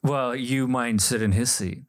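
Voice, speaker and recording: A man's voice: medium pitch, measured pace, dry recording, studio quality. A man hosting a casual podcast chat, playful and fond of wordplay. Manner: playful, wordplay and food banter. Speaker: podcast host.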